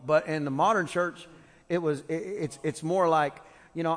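Joking pastor in an echoing church. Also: male voice, a little high, steady tone, normal speed. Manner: humorous, conversational storytelling with restarts. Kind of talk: sermon. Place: church sanctuary. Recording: long church-hall reverb.

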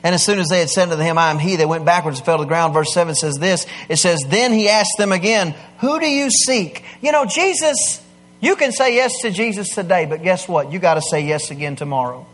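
A man preaching a sermon, swinging from quiet asides to loud, emphatic declarations. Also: sits high, brisk. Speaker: pastor.

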